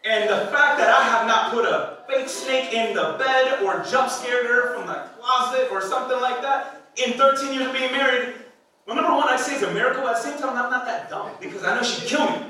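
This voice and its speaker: A Hispanic pastor in his thirties delivers a playful, chatty sermon, firing rhetorical questions at his listeners at a fairly quick pace. His very high, bright voice rings through a large echoing hall. He stands a step back, off-mic, so the sound comes from a distance.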